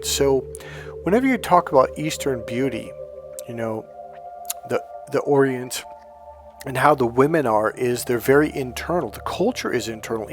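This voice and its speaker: A middle-aged man coaching in a casual monologue, rambling and correcting himself as he goes, acting out breaths and sighs. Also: medium pitch.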